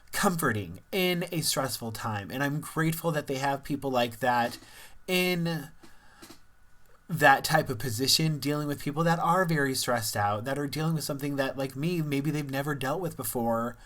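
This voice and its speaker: A man's voice: mid-range voice, a bit bright. A young man from Missouri talking candidly in a casual personal vlog, rambling and laughing now and then. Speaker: vlogger.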